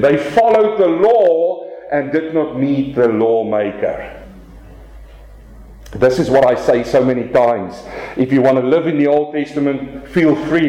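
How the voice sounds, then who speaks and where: A man preaching a sermon as pastor, animated, slowing down for emphasis and swinging his voice up and down to make his points. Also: reverberant, low-quality recording. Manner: animated preaching with dramatic pitch swings and slow emphatic phrases.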